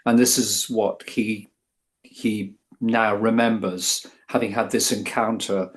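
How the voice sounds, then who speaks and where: A man's voice: lowish voice, level tone, measured pace, a faint crowd. A man, a guest author, talking in a casual interview, hesitant and full of restarts. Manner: hesitant, many ums and restarts.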